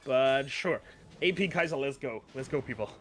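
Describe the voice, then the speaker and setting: A man with a German accent, giving analytical live esports commentary with bursts of excitement. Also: medium pitch, moderate pace, soft background music. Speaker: esports color caster.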